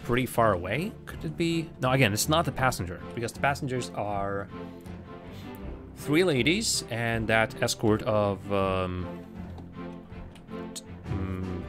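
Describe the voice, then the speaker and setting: Man, live game streamer, chatty, thinks out loud, jokes with chat, faint music behind. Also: medium pitch, lively intonation, a little slow. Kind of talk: live gameplay commentary.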